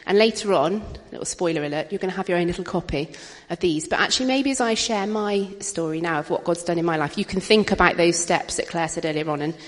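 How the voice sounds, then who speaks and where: A woman's voice: on the low side, quick pace, hardly any pauses. A middle-aged woman giving an informal testimony talk at a church gathering, chatty and anecdotal, with frequent laughter. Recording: reverberant hall.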